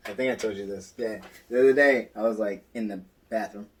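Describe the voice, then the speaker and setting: A man co-hosting a podcast, telling stories in casual chat, animated and acting out quotes. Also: on the low side, a little fast, recorded from a distance. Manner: animated storytelling, acts out quotes, swears, laughs a lot. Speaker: podcast co-host.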